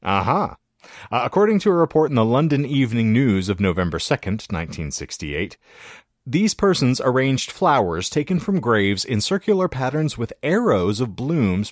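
A man's voice: medium pitch, very animated, normal speed, no echo, studio quality. A man hosting a podcast, reading a researched story with wry jokes in a casual chat. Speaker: podcast host.

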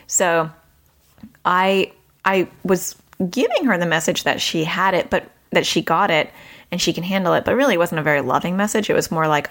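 A woman's voice: lowish voice, normal speed, fairly bright tone. A woman in her forties hosting a podcast, telling a family story in a chatty, self-deprecating way. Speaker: podcast host. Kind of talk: casual podcast monologue.

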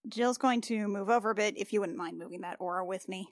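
A woman's voice: mid-range voice, fast talker, no room sound, clean studio sound. A joking woman playing a tabletop game. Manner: joking, easily excited. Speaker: player. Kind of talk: casual tabletop game play.

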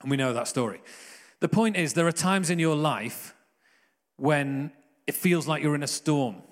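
A man's voice: fairly high pitch, moderate pace, in a large hall. A man preaching a sermon, earnest and conversational, with jokey asides.

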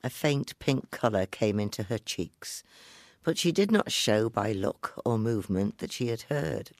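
A man narrating a storybook with a low, gravelly voice that rises and falls with the tale. He reads in a measured, expressive way. The sound is dry and close. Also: no room sound. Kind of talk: storybook reading.

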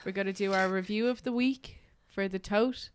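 A woman's voice: mid-range voice, fairly even intonation, moderate pace, slight background noise. A woman hosting a casual podcast chat while sick, her voice nasal and stuffed-up as she rambles through the plan for the show. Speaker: podcast host. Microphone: headphones on.

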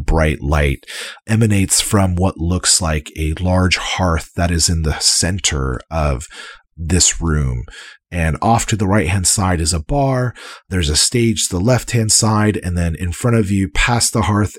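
A man's voice: low-pitched, no room sound, studio quality. A man narrating a tabletop game as game master, descriptive with some hesitant fillers.

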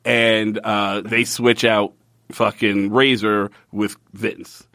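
A man's voice: on the low side, level tone, slow pace, fairly bright tone, no room sound, studio quality. A man co-hosting a casual chat, ranting with profane exasperation while recapping a TV episode. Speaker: podcast co-host recapping a TV episode.

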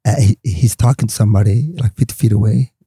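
Male comedian guest, husky, animated storyteller with a dry close sound. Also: fairly low pitch, quick pace, dry recording. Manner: animated, swearing, laughing. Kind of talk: storytelling in a podcast chat.

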